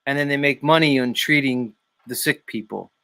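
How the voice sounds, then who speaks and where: A man's voice: medium pitch, normal speed, pushed and bright, no room sound. A man hosting a casual chat, teasing and sardonic.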